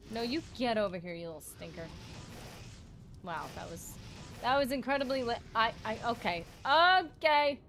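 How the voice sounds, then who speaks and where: A woman livestreaming a video game, chatting with her viewers in a giggly, rambling and playful way, teasing them and her partner. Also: on the high side. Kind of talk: casual gaming livestream chat.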